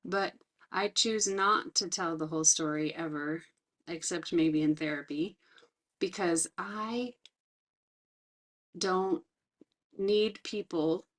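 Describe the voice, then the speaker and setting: A middle-aged woman trainer, speaking in an earnest, reflective way about her own life and teaching skills, slowing down to stress key words. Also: mid-range voice, a bit bright. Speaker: resilience trainer. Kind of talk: personal talk with teaching.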